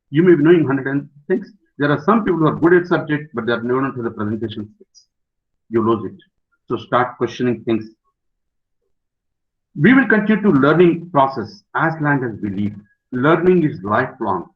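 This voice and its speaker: An older man, a professor giving a webinar lecture to students, emphatic, repeating key words and putting questions to his audience. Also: medium pitch. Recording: dull lo-fi webinar audio.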